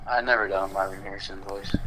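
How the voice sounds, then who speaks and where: A man's voice: sits low, fairly even intonation, quick pace, crowd noise, low-quality recording. A man co-hosting a podcast in casual chat, with crude, joking banter. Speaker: podcast co-host.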